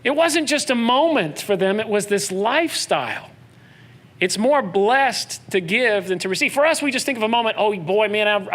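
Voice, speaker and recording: A man's voice: high voice, fairly bright tone. A man preaching a sermon in a conversational style, acting out quoted voices as he goes. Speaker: pastor.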